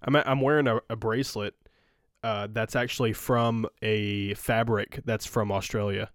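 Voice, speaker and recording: A man's voice: lowish voice, steady tone, moderate pace, no echo, clean studio sound. A man in casual podcast chat, hesitant, reacting to others and asking questions.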